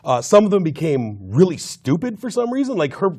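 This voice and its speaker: Animated male film reviewer. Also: high voice, a little fast, slightly rough. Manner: animated, acts out lines in mock voices. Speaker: film review show co-host. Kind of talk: casual film review chat.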